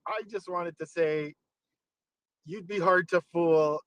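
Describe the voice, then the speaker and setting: A man's voice: a little high, fairly even intonation, slow pace, pauses often, a bit bright, no room sound, poor audio. A man calling in to a casual chat, teasing the host in a friendly way.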